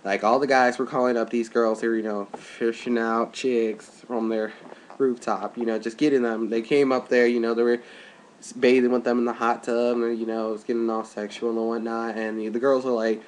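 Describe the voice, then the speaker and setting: A young man rambles through a casual vlog into a webcam at home, his voice sitting at an ordinary middle pitch. He piles on fillers and jumps way up high whenever he quotes someone. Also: level tone, fairly quick, slight background noise. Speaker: vlogger. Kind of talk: casual chat.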